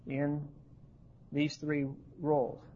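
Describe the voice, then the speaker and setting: A man's voice: on the high side, monotone, takes it slowly, lo-fi sound, slight background noise. A man teaching a class on the Bible, often checking in with his listeners and restarting his phrases. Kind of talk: classroom lecture on scripture.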